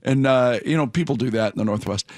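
A man's voice: medium pitch, fast, no echo, clean studio sound. A man hosting a morning radio show, chatting casually and rambling with fillers and restarts. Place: radio studio.

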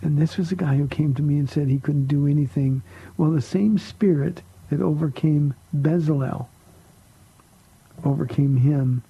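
A man's voice: a little high, moderate pace, gravelly, husky, no room sound, muffled recording. A middle-aged man, a pastor hosting a call-in radio show, answering Bible questions and telling stories with many fillers and restarts.

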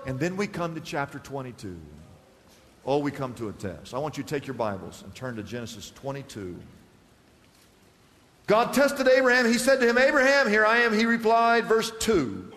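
A man's voice: on the high side, sing-song, moderate pace, fairly bright tone, big-room sound. A male pastor preaching a sermon, acting out Bible scenes and reading scripture aloud.

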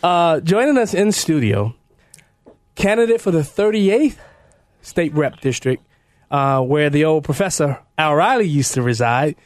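Excitable high-voiced radio host man. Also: measured pace, no room sound, clean studio sound. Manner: animated, joking, excitable. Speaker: radio talk show host. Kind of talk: talk radio chat. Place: radio studio. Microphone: studio mic.

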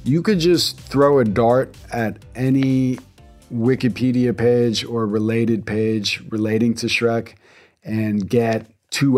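A man in his thirties hosting a solo podcast from his home garage, talking casually, eagerly and with lots of restarts. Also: lowish voice. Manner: enthusiastic, rambling, self-interrupting. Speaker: podcast host.

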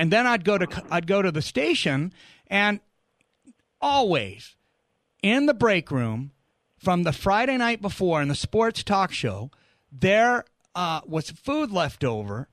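Animated middle-aged guy telling stories, kinda high voice, dry close mic. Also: measured pace, no room sound. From New England. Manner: animated storyteller who acts out voices. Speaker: radio host. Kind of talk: casual interview storytelling.

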